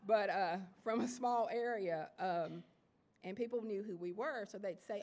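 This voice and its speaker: With a medium-pitched, slightly mellow voice and an Appalachian Kentucky accent, a guest lecturer speaks before an audience of writers in a lecture hall. She runs herself down and falters often, restarting sentences amid many fillers.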